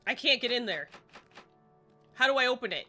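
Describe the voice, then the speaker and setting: Woman streamer, chatty, self-deprecating, bright voice, faint music behind. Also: fairly high pitch, expressive, brisk. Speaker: livestreamer. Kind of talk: casual gameplay commentary.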